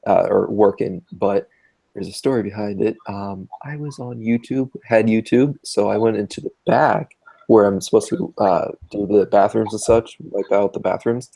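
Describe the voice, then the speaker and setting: Low, gravelly young man, laid-back. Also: normal speed, dark tone, rough recording. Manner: laid-back, reading chat aloud. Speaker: livestream host. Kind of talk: casual chat.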